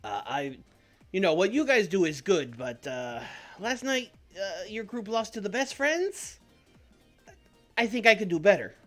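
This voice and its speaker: A man voicing a calm, smug male wrestler who speaks in a measured, hesitant way. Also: high voice, soft background music, pitched above the performer's own voice, exaggerated voice.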